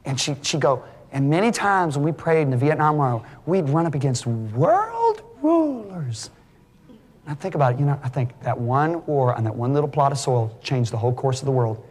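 A middle-aged male preacher giving an animated sermon, full of stories, his voice climbing high for the punchlines. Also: fast, few pauses. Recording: long hall reverb.

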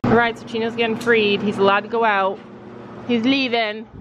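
A chatty middle-aged woman with a fairly high voice talks to her viewers outdoors by the stables, cooing gently at the horses. Her voice comes through a noisy outdoor recording with steady background hiss and passing sound. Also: normal speed, highs cut off. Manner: chatty, coos soothingly at horses. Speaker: vlogger, mother at a horse barn. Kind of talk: casual family vlog chat.

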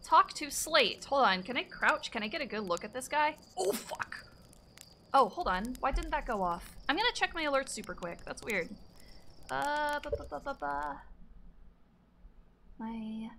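A woman's voice: high voice, expressive, measured pace, fairly bright tone, slight background noise. A woman streaming a game, chatting casually with her viewers in a scattered, swearing way. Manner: scattered, swears, talks to chat. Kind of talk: casual gaming livestream chat.

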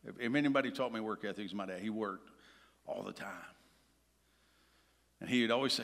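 A man preaching a sermon as pastor, telling personal stories and swinging from loud to hushed. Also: fairly low pitch, quick pace, long reverb tail. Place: large church hall.

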